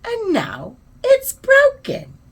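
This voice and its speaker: A woman doing a squeaky little bear cub. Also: huge pitch swings, drawn-out words, exaggerated voice. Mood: tearful. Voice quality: high squeaky.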